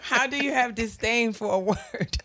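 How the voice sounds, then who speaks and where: A podcast co-host in easy conversation, animated and quick to laugh. They play with the sound of words and toss them back and forth at a middle pitch. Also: no room sound, clean studio sound. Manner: animated, laughs often, repeats words for fun. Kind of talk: casual chat.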